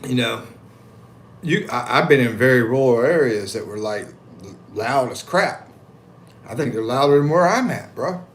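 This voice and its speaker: An American man hosts a relaxed livestream from his home in the Philippines, reading chat comments aloud in animated voices and answering with frequent chuckles. His pitch is medium and his pace moderate, broken by long pauses.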